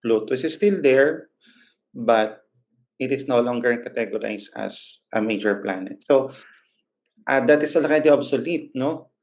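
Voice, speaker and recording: A young man with a Filipino accent giving a recorded lecture as a teacher, pausing often with filler words and correcting himself. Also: medium pitch, a little mellow, rough recording. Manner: hesitant, many filler words and self-corrections.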